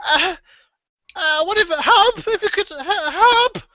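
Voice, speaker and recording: A man voicing a frail, clumsy old woman shopkeeper who stammers and quavers in a high voice. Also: takes it slowly, sharp tone, dry recording, highs cut off, exaggerated voice. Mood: flustered.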